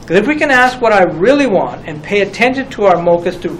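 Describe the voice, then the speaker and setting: A man's voice: high-pitched, lively intonation, fast talker, fairly bright tone, a little hiss or hum, rough recording. A middle-aged man giving a reflective talk on group communication, with many rhetorical questions. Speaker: teacher.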